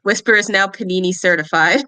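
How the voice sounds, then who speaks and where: A woman playing a character in a tabletop game, talking in a lively, playful way and laughing often. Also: on the low side, fairly quick, smooth, no echo. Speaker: player.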